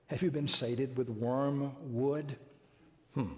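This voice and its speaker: Older american guy preaching, emphatic and slow on the big words, long reverb tail on the voice. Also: mid-range voice, warm tone. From United States. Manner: emphatic, deliberate, slows down to stress key words. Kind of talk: sermon.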